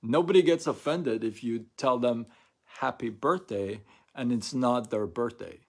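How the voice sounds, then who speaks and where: A man's voice: medium pitch, unhurried. A middle-aged man talking casually to viewers on a live stream, chatty and repetitive, often checking in with "right?" and acting out mock quotes. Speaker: vlogger.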